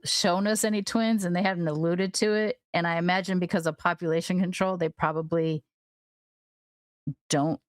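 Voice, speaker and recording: A woman's voice: mid-range voice, clear, resonant tone, dry recording, clean studio sound. A woman co-hosting a podcast, thoughtfully analyzing characters in a casual TV recap. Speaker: podcast co-host.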